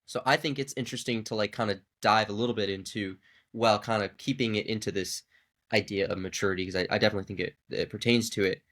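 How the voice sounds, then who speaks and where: A man's voice: fairly low pitch, fairly even intonation, fast, a bit bright. A man who is a podcast guest and musician, chatting casually and reflectively, searching for the right words. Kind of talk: casual chat.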